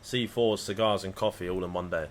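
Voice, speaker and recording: A man's voice: sits low, steady tone, fairly quick, slight background noise. Rambling, foul-mouthed man chatting. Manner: rambling, profane banter. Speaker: live trading streamer. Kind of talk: casual livestream chat.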